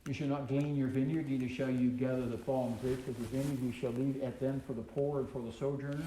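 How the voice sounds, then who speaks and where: Man, Bible teacher, reads verses then explains, mellow voice, roomy echo, faint hiss. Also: mid-range voice, steady tone, quick pace. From American South. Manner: reads scripture aloud then explains it, with many ums and uhs. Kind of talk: Torah study teaching. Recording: echoey room with faint noise.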